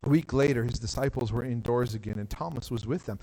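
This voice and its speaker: A pastor preaching a sermon from a stage, talking in a conversational way with frequent "like" and quick restarts. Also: male voice, mid-range voice, mellow, in a large hall, poor audio. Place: church stage.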